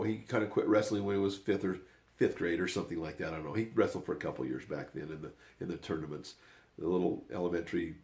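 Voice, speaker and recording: A man's voice: deep voice, gravelly, a little mellow. An older man, a grandfather, telling a family story in a rambling, casual way, often circling back with "anyway".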